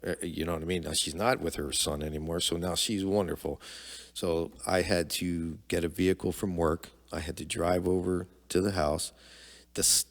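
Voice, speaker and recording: Middle-aged guy, really deep voice, telling an old story on a podcast, candid, long echo on it. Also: fairly even intonation, moderate pace. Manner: candid, conversational, acts out quoted dialogue. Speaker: podcast guest, father of the host. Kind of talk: personal storytelling.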